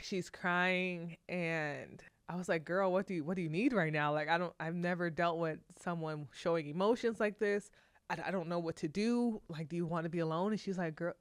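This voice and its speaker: A woman's voice: lowish voice, no echo, clean studio sound. A woman in her twenties hosting a podcast, telling her own story, laughing often and often restarting her sentences. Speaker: podcast host. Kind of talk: personal storytelling.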